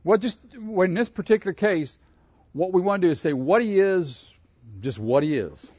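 A man's voice: high-pitched, animated, moderate pace, darkish tone, no room sound, highs cut off. A man preaching a sermon, asking his congregation questions and laughing between his points. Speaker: pastor. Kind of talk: interactive sermon.

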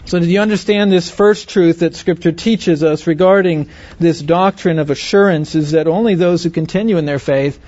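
The recording has its highs cut off, and the man's voice is high and a little mellow. As a Bible teacher giving a teaching sermon to a group, he emphasizes important words and repeatedly asks the audience whether they agree.

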